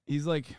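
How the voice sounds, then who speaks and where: A man's voice: dark tone, dry recording, clean studio sound. A man livestreaming reaction commentary, ranting in a profane, sarcastic way.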